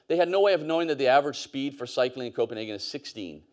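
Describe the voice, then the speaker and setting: A man tells stories from a conference stage. His delivery is loose and conversational, with plenty of fillers and asides, at an ordinary, mid-range pitch. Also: animated, very fast. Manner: conversational, storytelling, with fillers and laughs. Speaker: conference speaker. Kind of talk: conference talk.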